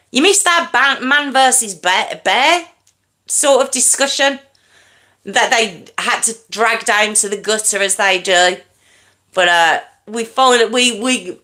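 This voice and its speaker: A woman's voice: fairly high pitch, bright, forceful tone. A woman hosting a casual livestream, chatting with viewers and apologising often, sometimes dropping to a whisper. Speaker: livestream host. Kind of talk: casual live chat with viewers.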